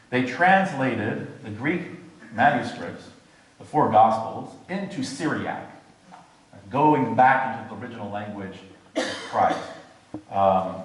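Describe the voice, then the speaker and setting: Man, scholarly lecture, church adult education, very reverberant hall. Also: on the low side. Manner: scholarly, jokes and laughs at his own asides. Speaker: guest lecturer. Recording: very echoey hall.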